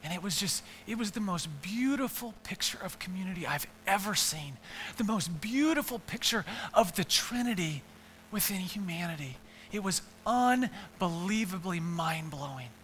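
Earnest guy preaching, high bright voice, big hall echo. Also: animated, moderate pace, a little hiss or hum. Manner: earnest, repeats words, builds to emphatic lists. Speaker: pastor. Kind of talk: sermon.

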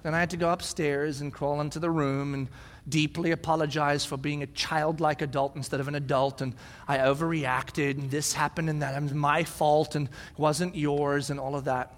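A man in his forties preaches with a high, bright voice, telling stories with lively energy and acting out what people said. His words ring through a hall with a long reverb trail. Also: normal speed. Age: 40s. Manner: animated storytelling, acts out shouted quotes. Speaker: pastor. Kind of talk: sermon.

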